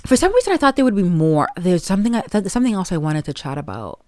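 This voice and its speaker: Chatty woman host, low voice, dry sound. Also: big pitch swings, fast talker, dark tone, no echo. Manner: rambling, chatty, with frequent likes and laughs. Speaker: podcast host. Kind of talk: casual solo podcast chat. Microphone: plugged-in podcast mic.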